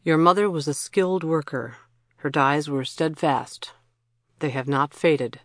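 A storybook narrator voicing a grown man, a calm council official who speaks in a measured, composed way. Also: mid-range voice, no echo, studio quality, close to an everyday voice.

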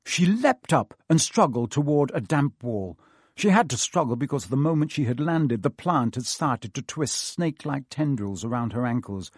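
Husky-voiced man narrating a storybook. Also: medium pitch, normal speed, no room sound, clean studio sound. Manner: expressive, varied reading. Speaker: audiobook narrator.

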